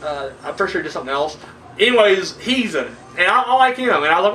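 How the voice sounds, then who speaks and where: A man's voice: on the high side, racing, distant mic. A man ranting casually about a horror movie, sarcastic and full of swearing. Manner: animated, sarcastic, swears a lot. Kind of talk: casual profane movie rant. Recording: roomy echo, a little off-mic, faint background hum.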